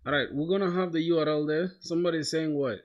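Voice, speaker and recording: A man's voice: on the high side, fast talker, dull audio. A young man livestreaming while he codes, chatting loosely with viewers in slang. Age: young adult. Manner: loose, slangy, talks to chat, says bro a lot. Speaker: coding livestreamer. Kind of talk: casual livestream chat while coding.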